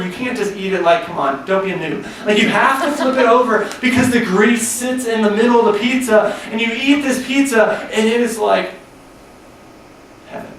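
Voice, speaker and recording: Male pastor, high voice, casual rambling sermon style, distant roomy recording. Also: slight background noise. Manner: casual storytelling, many "like" fillers. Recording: echoey hall recorded from a distance.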